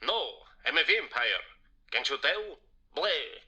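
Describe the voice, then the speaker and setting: A man's voice: mid-range voice, sing-song, normal speed, pushed and bright, husky, exaggerated voice. An actor voicing a smug male vampire who lectures about the environment in a theatrical manner. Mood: lecturing. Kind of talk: video game voice acting.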